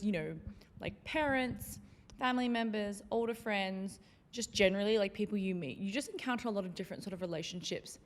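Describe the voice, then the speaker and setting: Casting: twenties woman, solo podcast host, rambling and conversational, mid-pitched voice. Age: 20s. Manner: chatty, lots of "like" and "you know". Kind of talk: casual solo podcast chat.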